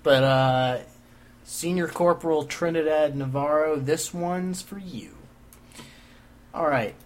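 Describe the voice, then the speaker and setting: A man's voice: on the high side, takes it slowly. A man hosting a casual comedy chat show, wry and joking as he leads the segments. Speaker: podcast host.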